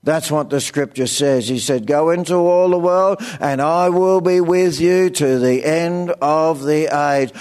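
An older man with an Australian accent preaches in a plain-spoken, storytelling way, acting out the voices of the people in his stories. His voice sits notably high for a man. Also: unhurried, hardly any pauses, a little mellow, clear, resonant tone. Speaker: pastor. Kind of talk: sermon with personal stories.

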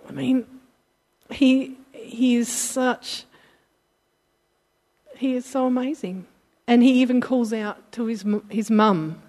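A woman's voice: fairly high pitch, a little slow, darkish tone. A woman giving an informal, heartfelt sermon from Britain or Australia, often restarting her sentences and voicing the people she quotes. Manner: emotional, earnest, acts out quoted voices, rambling restarts. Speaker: preacher.

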